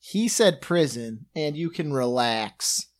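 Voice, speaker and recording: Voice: mid-range voice, animated, slow pace, no room sound, studio quality. An adult co-host in a casual movie recap chat, crude and sardonic. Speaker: podcast co-host.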